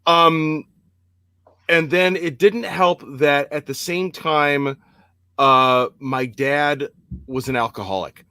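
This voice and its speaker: A man's voice: on the high side, slow pace, bright, forceful tone, clear, resonant tone, no echo. Hesitant man in his forties, dry sound. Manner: hesitant, many fillers, self-deprecating. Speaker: podcast guest. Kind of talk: personal story in casual chat.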